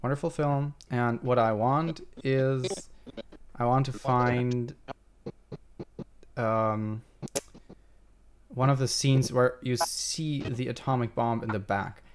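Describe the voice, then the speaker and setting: A man's voice: mid-range voice, fairly even intonation, slow pace, long pauses, a little hiss or hum. A man live-streaming his video editing, talking casually and thinking aloud with many fillers.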